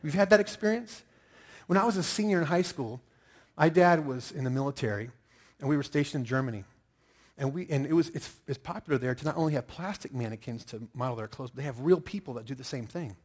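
A middle-aged man preaching a sermon, telling stories with lively bursts of loud emphasis. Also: medium pitch, quick pace. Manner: animated storytelling with sudden loud outbursts. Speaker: pastor.

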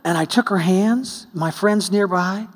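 A man from the United States preaching a sermon, telling a story, swinging between hushed and exclaiming. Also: sits high, a little slow. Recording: long hall reverb.

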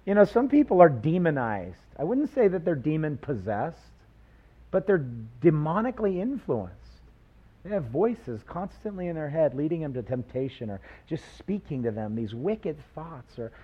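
Man preaching, husky voice, animated rhetorical questions, dull lo-fi sound. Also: fairly high pitch, moderate pace. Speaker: pastor. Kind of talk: sermon.

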